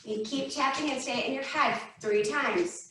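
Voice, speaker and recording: A woman's voice: high voice, moderate pace, bright, forceful tone. A woman teaching a kids yoga class over a video call, giving playful sing-song cues for the children to repeat. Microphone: laptop video call mic. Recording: roomy echo, far from the mic.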